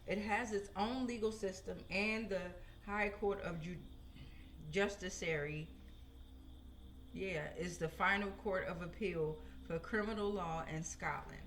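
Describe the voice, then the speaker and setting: A woman's voice: mid-range voice, a little slow, a bit bright, soft background music. A woman giving a casual tarot reading, chatting to her viewers and often asking "right?". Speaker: tarot reader.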